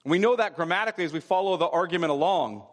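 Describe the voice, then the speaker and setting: A man's voice: a little high, animated, fast. A man preaching a sermon, explaining scripture with emphatic repetition. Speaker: pastor. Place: church sanctuary. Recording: long hall reverb.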